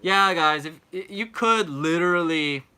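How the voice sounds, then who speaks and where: A man's voice: on the high side, unhurried, pushed and bright. A young American man from California hosting a travel live stream, chatting casually, rambling and repeating words.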